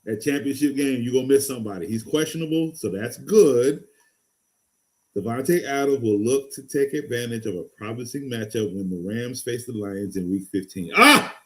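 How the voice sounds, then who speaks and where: Excitable man hosting a live stream. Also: moderate pace. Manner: excitable, loose and rambling, swings from loud hype to low muttering. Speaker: fantasy football show host. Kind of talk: casual live-stream talk.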